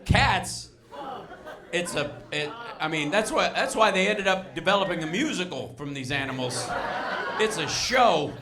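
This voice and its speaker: A man performing a stand-up comedy set in a restaurant, telling exasperated stories with loud bursts. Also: high-pitched, animated, unhurried. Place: restaurant comedy show with live crowd. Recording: live room with crowd noise.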